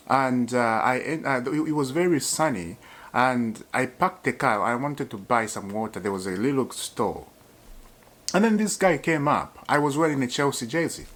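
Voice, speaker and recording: A man's voice: mid-range voice, a bit bright. A man hosting a football fan channel, talking casually and laughing often, with frequent restarts and repeated words. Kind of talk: casual vlog commentary.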